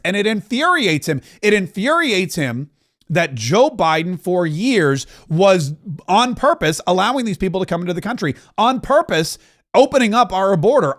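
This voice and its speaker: Man, podcast host, high voice, impassioned, repetitive, political commentary. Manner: impassioned, repetitive, restarts mid-sentence.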